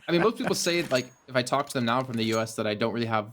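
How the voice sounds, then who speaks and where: A man's voice: medium pitch, expressive, racing, fairly bright tone, a little hiss or hum. A man commentating an esports match, with dry, teasing banter between calls. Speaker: esports caster.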